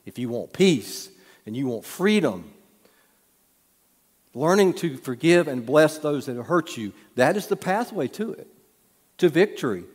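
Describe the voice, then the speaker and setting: Folksy pastor in a reverberant hall. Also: male voice, on the high side, sing-song, measured pace, long pauses, breathy edge. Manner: folksy storytelling, humorous asides, drops to a soft hush. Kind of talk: sermon.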